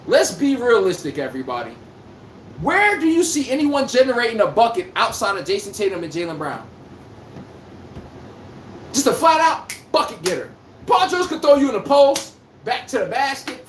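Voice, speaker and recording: Male livestream sports host, taunting and loud, lively pitch, roomy echo. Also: normal speed, a little hiss or hum. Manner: brash trash-talking, taunting, shouts out lines. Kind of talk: heated sports talk to a live chat.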